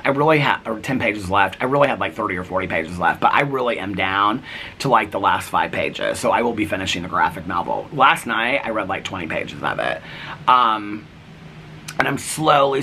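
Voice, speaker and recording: On the low side, pushed and bright, this is the voice of a middle-aged vlogger chatting casually on his front porch. He retells his day in a daily vlog using quoted back-and-forth dialogue, with slight background noise present.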